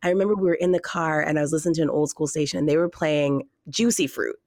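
A woman in her thirties hosting a casual podcast, chatty and quick to laugh. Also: sits low, steady tone, a little mellow, no echo, clean studio sound. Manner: chatty, laughs often, slips into mock voices. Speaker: podcast host.

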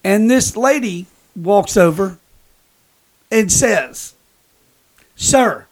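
A man's voice: high-pitched, animated, normal speed. A man co-hosting a podcast, ranting bluntly and swearing often in casual chat. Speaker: podcast host.

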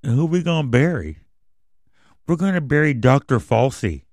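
A man's voice: mid-range voice, very animated, moderate pace, a little mellow, no room sound, studio quality. A man hosting his own radio show, delivering a crude, rambling, conspiratorial rant full of swearing and ending on an emotional, subdued note. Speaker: podcast host. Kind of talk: profane ranting monologue.

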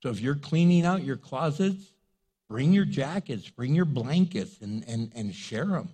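A man's voice: mid-range voice, lively intonation, unhurried, dark tone, slightly rough. A middle-aged man preaching a sermon as pastor, earnest and conversational, often acting out quotes.

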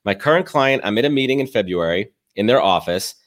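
A man hosting a podcast, telling rambling, animated stories with many restarts in casual talk. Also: on the low side, a little fast. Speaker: podcast host.

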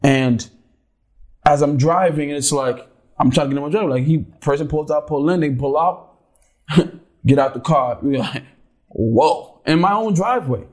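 A man's voice: on the high side, normal speed, long pauses. A young man telling a story casually, rambling and restarting often. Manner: animated, rambling, many restarts.

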